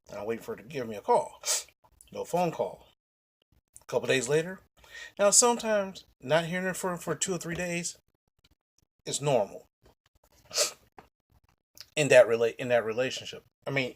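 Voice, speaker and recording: Blunt, profane man telling a story. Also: medium pitch. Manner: blunt and profane, rambling with restarts. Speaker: vlogger. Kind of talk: casual personal storytelling to camera.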